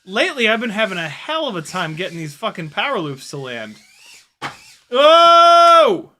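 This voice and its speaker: A young FPV drone pilot and video host gives casual running commentary while flying, speaking fast in a high-sitting voice. He's excitable, exclaiming and laughing often and swearing casually.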